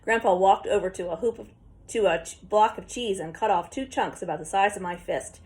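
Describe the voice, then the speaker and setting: A woman reading a first-person story aloud as an audiobook, in a steady, plain storytelling manner. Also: mid-range voice, fairly quick. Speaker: audiobook reader.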